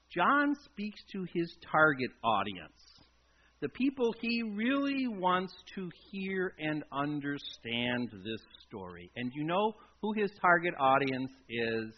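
A man preaching a sermon as a pastor, telling the story dramatically and swinging between loud emphasis and a near-hush. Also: on the high side. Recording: dull lo-fi recording.

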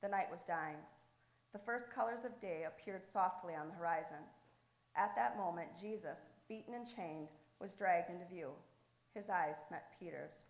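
Devotional reader, woman, low voice, echoey room. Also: normal speed. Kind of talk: devotional narration and prayer.

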